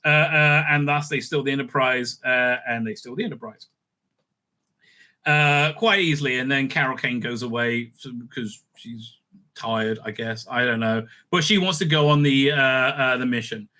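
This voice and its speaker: A man's voice: mid-range voice, moderate pace, bright, forceful tone. A man hosting a casual, sarcastic review rant, swearing often and stumbling over fillers. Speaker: reviewer, channel host.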